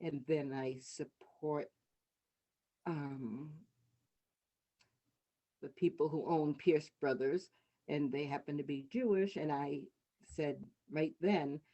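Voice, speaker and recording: Speaking slowly with frequent pauses, a middle-aged city councilor with a low, mellow voice gives candid personal testimony over a video call. Her tone is conversational as she tells her story at a community meeting.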